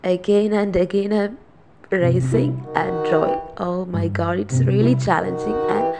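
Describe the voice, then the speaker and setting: Hoarse young woman with a cold. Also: on the low side, steady tone, unhurried, over loud music. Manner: chatty and apologetic. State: hoarse from a sore throat and cold. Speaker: drawing vlogger. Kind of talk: casual voice-over narration.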